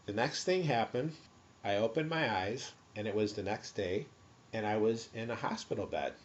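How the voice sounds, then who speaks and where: A man telling a personal testimony story with animation, acting out his own stammering and past thoughts. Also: mid-range voice. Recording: dull lo-fi recording.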